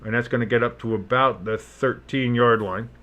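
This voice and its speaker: A man with a deep, bassy voice doing casual, joking play-by-play commentary of a game, swinging from murmured asides to loud outbursts. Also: steady tone, moderate pace, dull audio. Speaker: play-by-play host.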